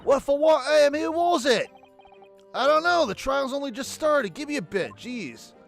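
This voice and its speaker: A man's voice: extremely high pitch, animated, normal speed, faint music behind, pitched above the performer's own voice. A man voicing a tough young street girl from a game, with a put-on English accent and a scrappy, brash manner.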